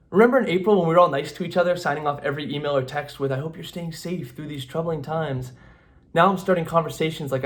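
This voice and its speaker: A man hosting a comedy show, delivering a sarcastic, rambling monologue and acting out both sides of imagined conversations. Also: fairly high pitch. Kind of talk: comic monologue to camera.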